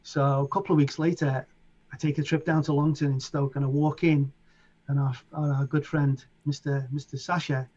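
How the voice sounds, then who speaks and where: A middle-aged man from England with a Liverpool accent, a DJ telling animated stories as an interview guest and acting out voices and sounds. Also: fairly high pitch, moderate pace, lo-fi sound. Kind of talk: casual storytelling.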